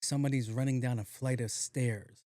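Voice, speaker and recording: A young man hosting a podcast, telling a comic story in an animated, profane way and acting out voices. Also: mid-range voice, normal speed, no echo, studio quality. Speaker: podcast host. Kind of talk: comedic storytelling.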